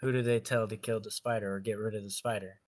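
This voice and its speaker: A man's voice: fairly low pitch, fairly even intonation, fast talker, no room sound. Easygoing man with a dry close sound. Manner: easygoing, teasing, laughs often. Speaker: podcast co-host. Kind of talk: casual chat.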